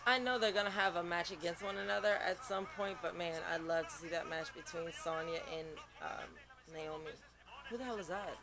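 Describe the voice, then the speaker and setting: A man's voice: high voice, a little fast. A man hosting a wrestling reaction video. He talks in casual, outspoken commentary, exclaims and swears often, and sounds sleepy and yawning late at night. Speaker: wrestling reaction channel host.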